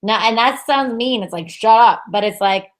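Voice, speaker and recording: A woman co-hosting a tarot chat in a casual, emphatic way, full of "like" and quick laughs. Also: fairly high pitch, a bit bright. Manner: emphatic, exasperated, laughs often, says "like" a lot. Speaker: co-host tarot reader.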